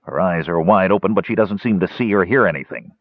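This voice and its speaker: A man voicing a weary, gruff city guard captain who speaks grimly and bluntly, on a tinny narrow-band recording. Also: deep voice, expressive, fast. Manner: grim and blunt.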